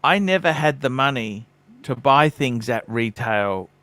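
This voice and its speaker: A man's voice: mid-range voice, animated, unhurried, bright, forceful tone, no echo. A man hosting a casual livestream chat, talking bluntly and swearing freely. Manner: blunt, swearing, mimics others in quotes. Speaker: livestream host.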